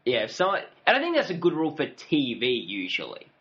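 With a fairly high voice whose pitch swoops wildly, a podcast co-host talks fairly quickly in a fairly bright tone. He rambles, chats and laughs often during a casual recap, recorded in dull lo-fi audio.

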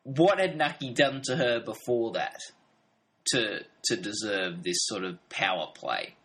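A man's voice: lowish voice, measured pace. A man in casual conversation who laughs a lot and acts out scenes in funny voices. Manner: animated, laughs often, acts out quotes in voices. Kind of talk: casual podcast chat about a TV drama.

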